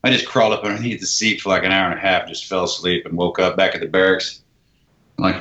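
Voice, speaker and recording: A man's voice: low-pitched, fairly even intonation, fast, sharp tone. A man, an army veteran guest, telling a story in casual talk, acting out dialogue and swearing casually. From United States. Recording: roomy, dull lo-fi sound.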